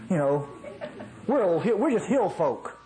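A man's voice: high-pitched, big pitch swings, measured pace, warm tone, poor audio. A man from North Mississippi with a nasal voice, preaching a conversational sermon in a folksy way, often chuckling at his own asides.

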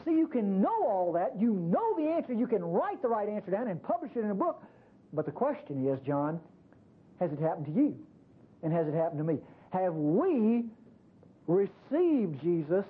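A man preaching a sermon in a conversational, animated way, often saying "see" to the listeners. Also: high-pitched, moderate pace, husky. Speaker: pastor. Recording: tinny phone-like radio broadcast.

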